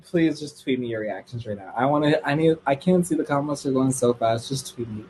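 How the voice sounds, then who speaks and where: A young man telling a dramatic, gossipy story to a live audience in a casual streaming chat, his voice jumping to squealing highs when excited. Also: fairly quick, hardly any pauses, slightly rough.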